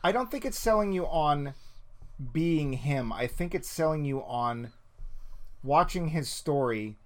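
A man's voice: fairly high pitch, lively intonation, measured pace. A man from the greater Boston area in a casual, wry conversation about a film, talking easily and laughing often. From greater Boston area, New England.

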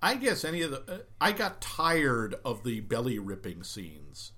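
A man's voice: medium pitch, animated, moderate pace, pushed and bright. A man in casual chat, reviewing a film with sarcastic, dismissive remarks.

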